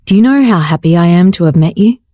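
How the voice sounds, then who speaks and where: A woman voicing a confident, teasing husband in an audiobook romance, speaking lower and patiently. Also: lively intonation, fast talker, dark tone, dry recording, clean studio sound. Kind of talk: audiobook character voice.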